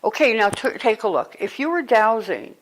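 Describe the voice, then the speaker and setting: A woman speaking as a spiritual teacher to a live group, conversational and animated, telling stories and breaking into sudden exclamations. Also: on the high side, moderate pace, a little hiss or hum, poor audio.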